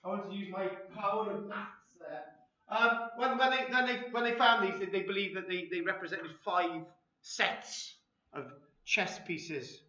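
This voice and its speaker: A man's voice: sits high, a little slow, pushed and bright. A man giving an informal lecture to an audience, chatty and self-deprecating, wandering into anecdotes. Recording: echoey room, dull lo-fi sound.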